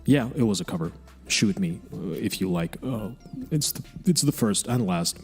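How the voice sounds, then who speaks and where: A man's voice: sits low, lively intonation, normal speed, darkish tone, husky, soft background music. A man hosting an online radio show, chatting casually and rambling between songs, frank and self-mocking and often restarting his sentences.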